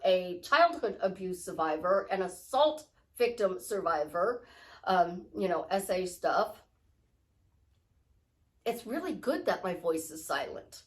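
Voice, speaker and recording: Chatty woman life coach. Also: mid-range voice. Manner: chatty, rambling, acts out little dialogues. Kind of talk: casual spiritual talk to camera.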